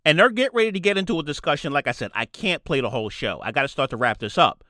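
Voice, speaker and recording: Animated man ranting on his podcast. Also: a little high, racing, no echo, studio quality. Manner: ranting, repeats points for emphasis. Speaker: podcast host. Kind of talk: solo political commentary.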